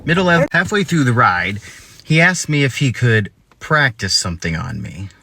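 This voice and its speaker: A man telling a rideshare story in short, clipped, deadpan phrases. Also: medium pitch, moderate pace, creaky, slightly rough, no room sound. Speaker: rideshare driver. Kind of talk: storytime narration.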